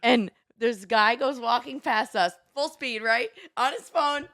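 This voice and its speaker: A woman's voice: a little high, unhurried, a bit bright, no echo, studio quality. A woman co-hosting a casual chat podcast, telling stories and teasing playfully. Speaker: podcast co-host.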